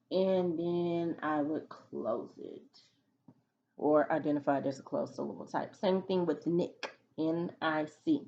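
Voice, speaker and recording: A woman's voice: deep voice, gravelly, darkish tone, dull audio, a little hiss or hum. A woman teaching a phonics lesson to children, patiently sounding out letters and syllables one by one.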